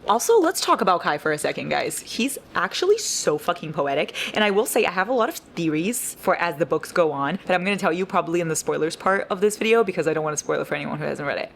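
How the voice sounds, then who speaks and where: A woman's voice: lowish voice, very animated, fast talker, creaky, few pauses, faint music behind. A young woman vlogging about a book she is reading, gushing and dramatic, swearing freely as she talks. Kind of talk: casual reading vlog.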